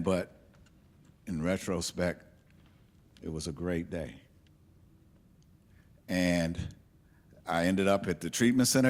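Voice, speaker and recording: Before a live audience, a man recounts a personal story in a low-pitched voice. He is candid and reflective, pausing and starting over as he sorts through his memories.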